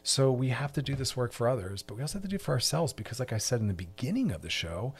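A man's voice: medium pitch, big pitch swings, quick pace, breathy edge. A man hosting a solo podcast, delivering an emphatic, preachy monologue with repeated refrains. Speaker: podcast host.

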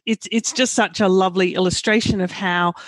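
A woman hosting an interview, speaking in a halting way, often restarting phrases while searching for words. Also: mid-range voice, fairly even intonation, no echo. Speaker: podcast host. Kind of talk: conversational interview.

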